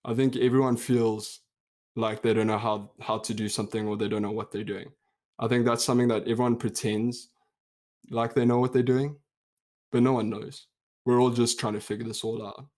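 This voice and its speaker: A young South African man co-hosting a podcast, talking in an easygoing, reflective way and laughing easily. His voice sits at a typical middle pitch. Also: little pitch movement, moderate pace, darkish tone. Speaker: podcast co-host. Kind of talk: casual chat.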